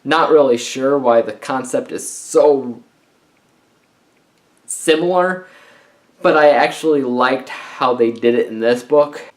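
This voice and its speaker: A young adult man giving a casual, rambling book review, animated and often exasperated. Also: mid-range voice.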